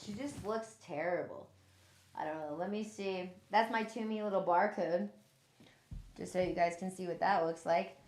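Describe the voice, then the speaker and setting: A woman's voice: lowish voice, normal speed, darkish tone. Woman, casual live-stream chat, swears, rambling restarts, drifts from the mic. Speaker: grower showing plants on a live stream.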